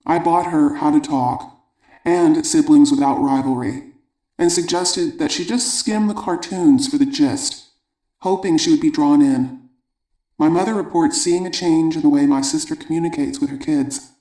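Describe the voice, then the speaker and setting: A man narrating an audiobook, reading letters aloud in a measured, even way. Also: a little high. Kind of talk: scripted narration. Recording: roomy echo.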